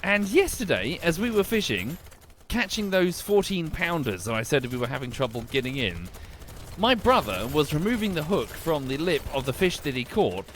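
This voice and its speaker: A man's voice: on the high side, fairly bright tone, a little hiss or hum. A young man with a well-spoken southern English accent, chatting casually and thinking aloud as he streams a game and thanks viewers. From England. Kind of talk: live gameplay commentary and chat.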